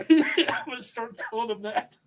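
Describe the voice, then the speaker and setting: A man's voice: very high voice, measured pace, noisy background. A man in his thirties co-hosting a casual podcast chat, laughing often and acting out voices in his stories. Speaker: podcast co-host.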